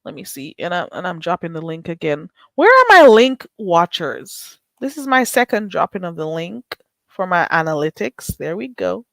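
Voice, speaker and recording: A woman's voice: lowish voice, very animated, moderate pace, creaky, fairly bright tone, no room sound. A woman hosting a live stream, chatting loosely and reading viewer comments aloud.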